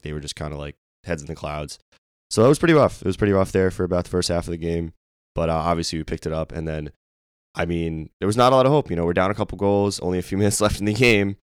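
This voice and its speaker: A young man with a hoarse voice, co-hosting a casual sports podcast and rambling excitedly with many fillers. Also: low voice, no echo, studio quality. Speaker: podcast co-host.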